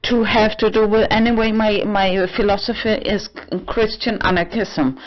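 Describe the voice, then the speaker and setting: A woman in her apartment, rambling in a personal vlog with non-native English phrasing, halting restarts and sudden swearing, a little tipsy. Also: mid-range voice, steady tone, lo-fi sound. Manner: halting, many restarts and fillers, swings into swearing and emotional outbursts. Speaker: vlogger. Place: own apartment.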